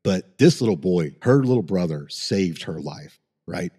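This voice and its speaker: A man's voice: sits low, lively intonation, measured pace, warm tone, breathy edge, big-room sound. A middle-aged man, a paramedic, telling a rambling story in a casual interview, swearing freely and getting emotional. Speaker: paramedic guest.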